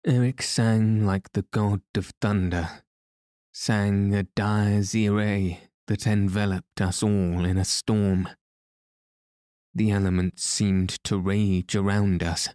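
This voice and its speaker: A man narrating an audiobook with measured, even storytelling. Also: lowish voice, dry recording, clean studio sound. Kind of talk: scripted narration.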